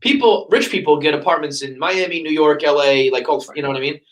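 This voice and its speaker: A man hosting a casual sports podcast, ranting with heavy profanity and lively quoted asides. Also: a little high, fast, low-quality recording. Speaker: podcast host.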